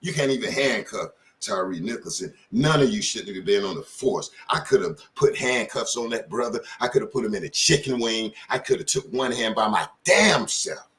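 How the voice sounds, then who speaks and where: A man's voice: mid-range voice, lively intonation, moderate pace, hardly any pauses, fairly bright tone. A middle-aged man hosting his channel, giving casual commentary in informal street talk and firing off pointed questions. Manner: impassioned, asks many pointed questions. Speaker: channel host.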